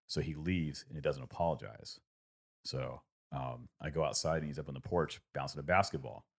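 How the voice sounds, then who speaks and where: A man's voice: rumbling low, normal speed, vocal fry. A man in his thirties talking reflectively in a casual conversation, rambling through a story with many fillers.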